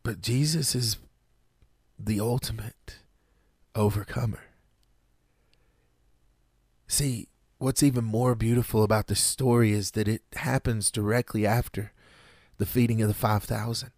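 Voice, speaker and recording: Earnest preacher man, low and dry. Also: fairly even intonation, a little mellow, dry recording. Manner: earnest, measured, with dramatic pauses. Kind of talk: sermon.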